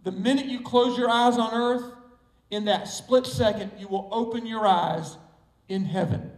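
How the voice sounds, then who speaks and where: High-voiced Southern preacher man, echoey. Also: a little slow, darkish tone. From Southern United States. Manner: emphatic preaching with repeated key words. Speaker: pastor. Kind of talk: sermon. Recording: echoey room, mic far off.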